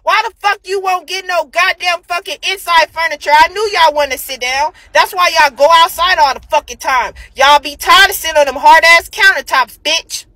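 A woman's voice: very high-pitched, normal speed, few pauses, bright, forceful tone, no room sound, rough recording. A woman on a phone livestream, ranting heatedly and profanely, repeating herself for emphasis. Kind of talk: angry livestream rant.

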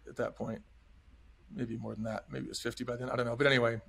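As an interview guest, a middle-aged man who was a restaurant chain executive shares his story with earnest emphasis, acting out others' dialogue. His gravelly, slightly bright mid-range voice holds a level tone and moves fast.

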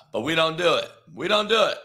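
A man hosting a sports talk show, ranting in a heated, profane way that swings from muttering to shouting. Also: on the high side.

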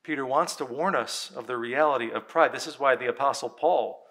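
A man's voice: mid-range voice, a little fast, a bit bright. A male pastor preaching a sermon in an earnest, emphatic way, repeating key points for weight.

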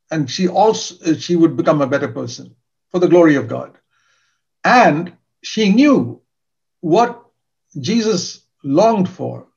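Earnest older man preaching, gravelly. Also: a little high, darkish tone, highs cut off. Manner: earnest, emphatic, repeats key words. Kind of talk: sermon.

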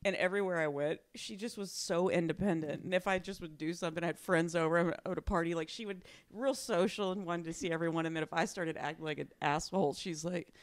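A woman's voice: on the low side, quick pace, few pauses. Texan woman with slight drawl. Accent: slight Texas. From Texas, USA. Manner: laughs often, lively storytelling. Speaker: comedian guest. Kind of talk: casual podcast chat.

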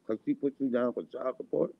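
Man, angry profane vlog rant, husky voice, dull lo-fi audio. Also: mid-range voice, steady tone, a little fast, no room sound. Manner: heated, insulting, swings loud and quiet. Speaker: vlogger.

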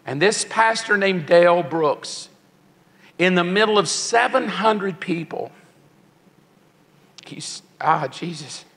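A man in his sixties preaches to a youth crowd, telling his story with feeling and slipping into the voices of the people in it. His voice sits high and bright, carried by the long reverb of a large church hall. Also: expressive, slow, long pauses. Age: 60s. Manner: emotional storytelling, acts out quoted voices. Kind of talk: sermon.

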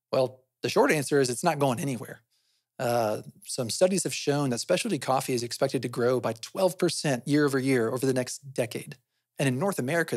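A podcast host with a mid-range, slightly rough voice explains conversationally, often questioning himself and then supplying the answer. He frequently adds "right?" as a tag, and the sound is dry and clean, studio-style.

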